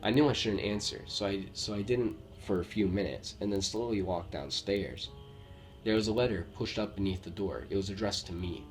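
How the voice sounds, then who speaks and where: A man from Romania with a Romanian accent, reading true scary stories aloud with a steady storytelling delivery and the odd slip. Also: on the low side, moderate pace. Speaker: horror story narrator. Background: faint background music.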